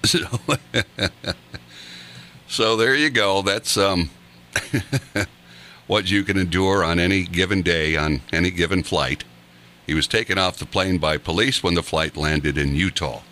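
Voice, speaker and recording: Deep easygoing male radio host. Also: a little slow, long pauses, bright, forceful tone. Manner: easygoing, chuckling. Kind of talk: casual radio chat.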